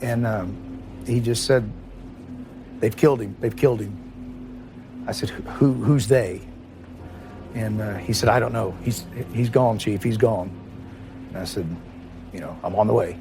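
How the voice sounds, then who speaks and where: Emotional, plain-spoken former police chief. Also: male voice, on the low side, a little slow, gravelly, pauses often, music in the background. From Kentucky, USA. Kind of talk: interview recollection.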